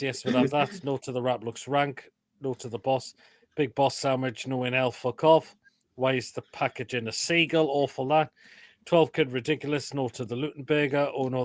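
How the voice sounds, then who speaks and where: A man's voice: mid-range voice, dry recording. Blunt English man giving crude food verdicts. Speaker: host. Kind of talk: casual live-stream chat.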